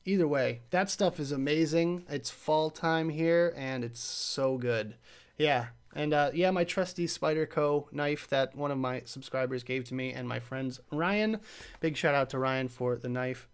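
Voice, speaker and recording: A man's voice: fairly high pitch, a little slow, clean tone. A man hosting a casual live stream, rambling and chatty as he opens packages and answers viewers in chat. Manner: chatty and rambling, reacts to chat, trails off and restarts. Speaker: host of a live vape review show.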